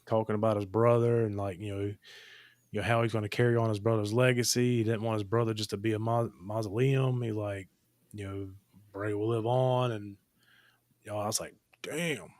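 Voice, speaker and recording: A man's voice: lowish voice, little pitch movement, a little fast, a little mellow, no echo. A man in his thirties co-hosting a podcast, telling loose, profane, rambling stories in casual chat. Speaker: podcast co-host.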